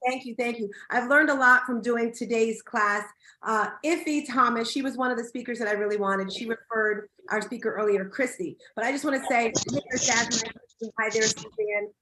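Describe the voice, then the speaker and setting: A middle-aged woman speaks with heartfelt emotion, pulling her listeners straight into her story. Her voice sits fairly high, and the sound bounces around a roomy space. It comes through a video call. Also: moderate pace, a crowd in the background. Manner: emotional, heartfelt, addressing audience directly. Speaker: summit host. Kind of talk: personal storytelling talk. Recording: echoey room.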